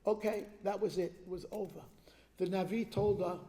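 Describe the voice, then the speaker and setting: A man giving a sermon at an organization's event, telling a religious story with animated delivery and checking in with the audience. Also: high voice, normal speed, vocal fry. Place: large hall at an event. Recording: long reverb of a large hall.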